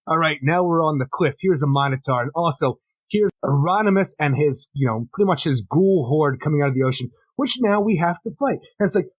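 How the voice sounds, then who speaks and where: A man co-hosting a comic book podcast, ranting quickly and acting out scenes with some swearing. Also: a little high, expressive, slightly rough, dry recording. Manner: fast ranting, acts out dialogue, swears. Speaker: podcast co-host. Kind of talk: casual comic review chat.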